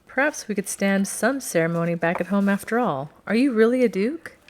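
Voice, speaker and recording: A woman's voice: medium pitch, lively intonation, a little fast, slight background noise, natural voice. A woman reading a novel aloud voices a frank young heroine in a chatty, candid way that is slightly flustered.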